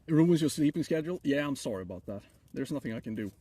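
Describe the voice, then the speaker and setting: A man's voice: mid-range voice, lively intonation, fast, dark tone, slightly rough. A middle-aged man with a Swedish accent, joking and rambling to his chat while streaming from a frozen lake. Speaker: livestreamer. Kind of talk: casual live stream chat.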